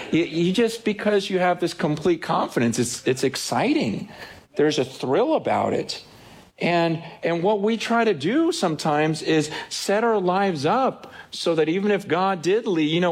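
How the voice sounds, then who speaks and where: A male pastor gives a sermon in a fairly high voice with a breathy edge. Speaking earnestly and conversationally before his congregation, he now and then stumbles over repeated words.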